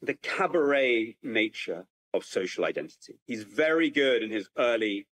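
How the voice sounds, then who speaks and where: Animated man giving a lecture. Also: medium pitch, normal speed, rough recording. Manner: lively, animated storytelling with frequent restarts. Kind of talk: public lecture. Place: at home with a computer, remote talk.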